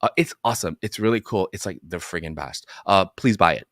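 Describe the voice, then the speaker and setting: A man puts on a lackluster car salesman who halts and fills every pause with "uh" while he pitches a sports car. His tone is flat and his pitch sits a little low, with a dry, close sound. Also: dry recording. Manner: halting, half-hearted sales pitch full of "uh".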